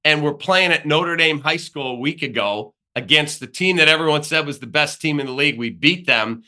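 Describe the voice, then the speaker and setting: A man with a strikingly bright, forceful voice, pitched a little above the usual for men. He tells animated sports stories as a podcast guest and acts out the people he quotes. He is recorded in a podcast studio. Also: brisk. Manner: lively storyteller who acts out the people he quotes.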